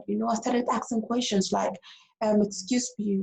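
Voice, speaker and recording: Woman vlogger, casual emotional story, mellow gravelly voice. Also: mid-range voice, a little fast, rough recording. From abroad. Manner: animated, repeats herself.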